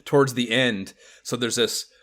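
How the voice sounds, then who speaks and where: A man co-hosting a gaming podcast in casual chat, animated and enthusiastic, swearing freely. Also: mid-range voice, moderate pace. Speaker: podcast co-host.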